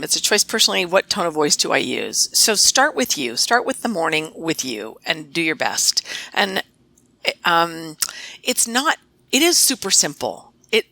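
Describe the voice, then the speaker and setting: Bright, emphatic woman veterinarian guest. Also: medium pitch, dry recording. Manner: emphatic, acts out quoted phone talk. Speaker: veterinarian and practice owner, guest. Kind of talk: podcast interview.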